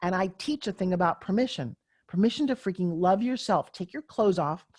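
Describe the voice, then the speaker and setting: A middle-aged woman, a guest on a podcast interview, speaking as an emphatic, energetic motivational speaker. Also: on the low side, brisk, husky.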